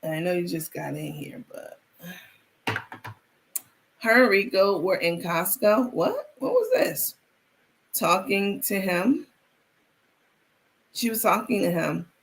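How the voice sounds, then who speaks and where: A woman's voice: lowish voice, gravelly, fairly bright tone. A woman hosting a live stream, chatting casually and reading viewer comments aloud with frequent restarts.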